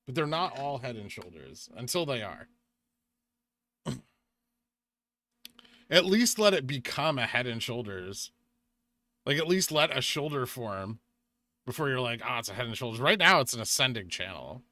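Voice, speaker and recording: A young man hosting a casual livestream, chatting with viewers, reading out donations and making quick asides. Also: mid-range voice, sing-song, bright, forceful tone, dry recording. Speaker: livestream host.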